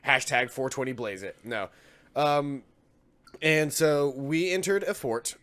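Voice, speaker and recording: A man serves as dungeon master for a tabletop session, speaking at an everyday middle pitch. He jokes with his players and laughs often between recaps. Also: slow pace, a bit bright. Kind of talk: running a tabletop game session.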